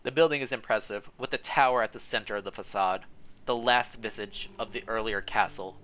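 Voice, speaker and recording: A man's voice: on the low side, fairly quick, a bit bright, a little hiss or hum. A man streaming, reading a story game aloud with casual asides. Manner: swearing asides and laughs between lines.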